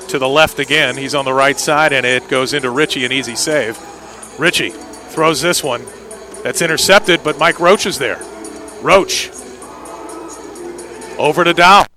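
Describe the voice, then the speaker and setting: A man calls live play-by-play for an indoor soccer match in a sharp, mid-range voice, with soft background music playing. His calls come quickly and rise sharply on big plays.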